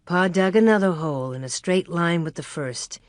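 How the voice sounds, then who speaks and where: Here an audiobook narrator, a woman, reads a script with measured expression. Her pitch sits on the low side, and the audio is studio quality without any room sound.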